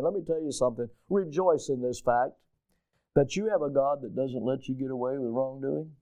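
Guy preaching a sermon, kinda high voice, gets animated telling stories, dry sound. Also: normal speed, clear, resonant tone, dry recording, poor audio. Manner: storytelling, animated, acts out quoted voices. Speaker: pastor.

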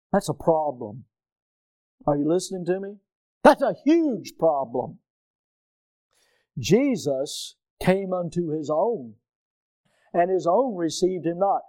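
A man's voice: a little high, warm tone, dry recording, low-quality recording. Older man preaching an emphatic sermon. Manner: preaching, rising to emphatic peaks and asking the congregation questions. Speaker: pastor.

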